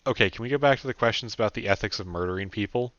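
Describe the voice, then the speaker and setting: A man's voice: on the low side, racing, a bit bright, no echo, close to an everyday voice. A man voicing a candid young man who rambles casually and swears freely, in an audiobook. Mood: flustered. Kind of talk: audiobook character voice. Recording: dull dry lo-fi recording.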